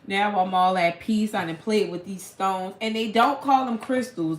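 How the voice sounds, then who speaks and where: A woman's voice: medium pitch, normal speed, hardly any pauses. A woman tarot reader in casual late-night live chat, telling stories in a blunt, profane way. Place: room at home at night. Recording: echoey room with faint hum.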